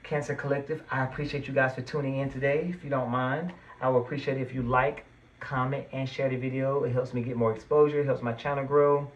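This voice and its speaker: A man of middle pitch gives a tarot reading straight to his viewers. He talks in an earnest, reassuring way and turns emphatic when he feels strongly. The sound is a little dull and lo-fi. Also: level tone, quick pace. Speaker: tarot reader.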